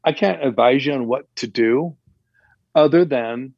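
A man telling a personal story in a casual, animated way, acting out the dialogue with raised voices. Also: medium pitch, unhurried, creaky, no room sound, highs cut off. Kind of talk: casual anecdote.

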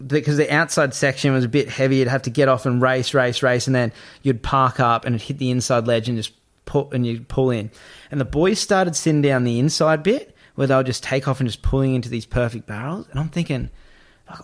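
A young man tells a long story in a loose, casual way. He rambles, swears and leans on fillers. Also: medium pitch.

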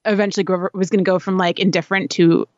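A woman co-hosting a podcast, telling stories in a chatty, animated way with lots of fillers. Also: fairly low pitch, racing, no echo, muffled recording. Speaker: podcast co-host. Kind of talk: casual chat.

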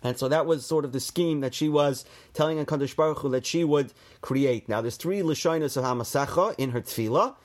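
Man, slightly higher voice, Torah teacher, reads verses and explains, casual fillers. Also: fairly quick, hardly any pauses, a little mellow. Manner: reads Hebrew verses then translates and explains; conversational, with fillers and restarts. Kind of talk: text study class.

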